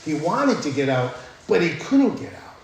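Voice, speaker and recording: This man's voice sits fairly high and swings widely in pitch, moving at a normal speed over slight background noise. He recounts his own recovery at a speakers' meeting in a blunt, profane way, repeatedly adding "right?" The recording has heavy echo and faint ambience.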